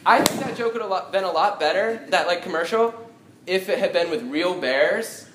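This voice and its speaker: A man's voice: high-pitched, expressive, moderate pace. A young man doing live stand-up comedy in a small coffeehouse, rambling and self-deprecating with lots of ums. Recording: echoey room, noisy live audience.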